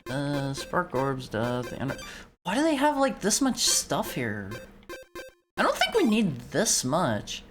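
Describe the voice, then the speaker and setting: A woman's voice: a bass voice, wildly swooping pitch, slow, over music. A young woman streamer chatting casually while playing a game, rambling and often stumbling over and repeating her words. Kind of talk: casual let's-play commentary.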